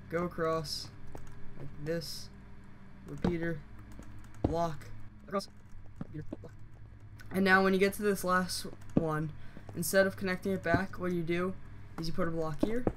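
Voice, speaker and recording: Hoarse and losing their voice, a game tutorial host walks through the steps in a casual screen-recorded tutorial, using fillers and correcting themselves often. The voice is medium-pitched, with background noise.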